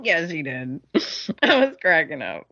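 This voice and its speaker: A woman's voice: deep voice, slow pace, vocal fry, highs cut off. A woman, casually recapping a soap opera as a podcast co-host and acting out the characters' lines. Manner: animated, acts out characters' lines, laughs often.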